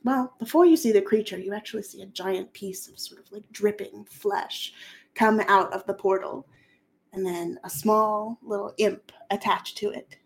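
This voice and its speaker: A woman's voice: medium pitch, moderate pace, gravelly. A woman as game master, narrating a tabletop role-playing game in a playful, descriptive way. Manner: playful, descriptive, laughs often.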